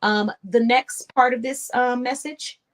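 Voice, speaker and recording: A woman hosts an online show, speaking to small business owners in a casual, conversational way. Her fairly high voice keeps a steady tone at an unhurried pace. She comes across as earnest and encouraging, and she laughs easily.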